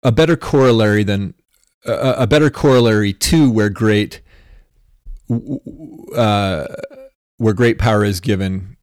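A man with a low voice works through religious ideas on a podcast, thinking aloud and looping back to check that he is followed. The sound is dry and close, with no room around him. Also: measured pace, dry recording. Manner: musing, thinks aloud with restarts and tag questions. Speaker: podcast co-host. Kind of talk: casual religious discussion.

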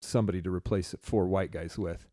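A man's voice: low-pitched, fairly even intonation, fairly quick, dark tone, no room sound, studio quality. A man co-hosting a podcast in casual chat, rambling and reading listener comments aloud. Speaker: podcast co-host.

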